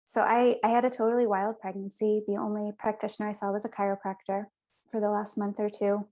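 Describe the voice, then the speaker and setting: A woman's voice: medium pitch, little pitch movement, a little fast, dark tone. A young woman guest on a podcast, telling her personal story in an earnest, chatty way. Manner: earnest, chatty, with small restarts.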